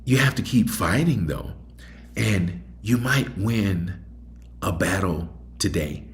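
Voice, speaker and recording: A man's voice: deep voice, slow pace. A middle-aged man hosting a solo talk show, reflecting in a rambling, conversational way with many fillers. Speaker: host.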